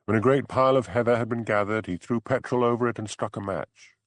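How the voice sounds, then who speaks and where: A man reading an audiobook narration in a measured, expressive storytelling manner. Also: on the low side, no echo. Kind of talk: scripted narration.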